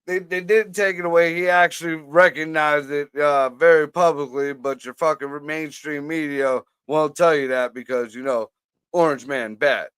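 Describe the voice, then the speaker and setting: A man's voice: on the high side, fairly even intonation, normal speed, a bit bright, clear, resonant tone, no echo. A man co-hosting a casual podcast chat, blunt and profane, laughing often. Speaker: podcast co-host.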